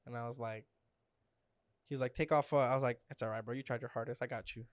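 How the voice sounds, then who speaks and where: A man's voice: mid-range voice, steady tone, fast talker, no echo, clean studio sound. A man co-hosting a casual podcast, telling a rambling story full of filler words and acted-out quotes. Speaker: podcast co-host. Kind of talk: casual chat.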